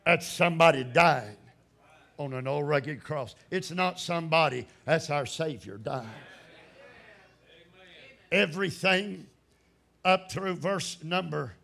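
A man preaching a fiery sermon in church, shouting one moment and dropping to a hushed voice the next. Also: vocal fry. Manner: swings from shouting to low, hushed delivery.

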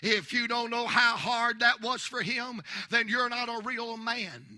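A preacher with a very high, sharp and bright voice delivers an impassioned sermon. He swings between folksy storytelling and rising, shouted declarations. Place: church.

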